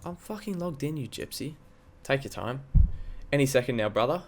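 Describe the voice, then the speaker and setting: A man's voice: medium pitch, expressive, normal speed, slight background noise. An Australian man in a casual, sweary, self-mocking walkthrough of his own song project from a home studio. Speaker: hobby music producer. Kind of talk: casual screen-recorded walkthrough.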